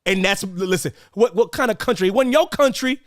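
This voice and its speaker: A man's voice: high voice, brisk, no echo, studio quality. A man hosting a casual talk show, arguing emphatically and laughing often. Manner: animated, laughing, emphatic repeats. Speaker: podcast host. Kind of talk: casual chat.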